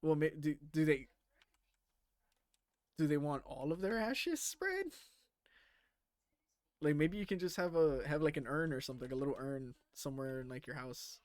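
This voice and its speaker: A man's voice: fairly high pitch, expressive, moderate pace, long pauses, a little mellow, no echo, studio quality. A man chatting casually and swearing freely while streaming a game, laughing often and muttering to himself as he plays. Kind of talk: casual live-stream chat while playing.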